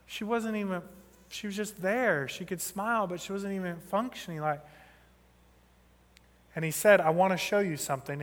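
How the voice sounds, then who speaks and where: A man's voice: fairly high pitch, fairly bright tone. A man in his thirties preaching a sermon, telling a story and building to impassioned emphasis. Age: 30s. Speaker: pastor. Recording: long reverb of a large hall.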